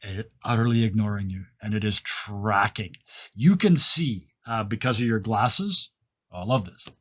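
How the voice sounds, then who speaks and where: Man narrating as game master. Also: lowish voice. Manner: descriptive, enthusiastic, quick asides.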